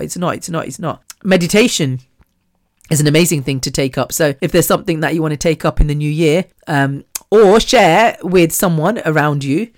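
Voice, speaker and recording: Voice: mid-range voice, no echo, clean studio sound. A podcast host, talking in a chatty, rambling monologue, often self-deprecating.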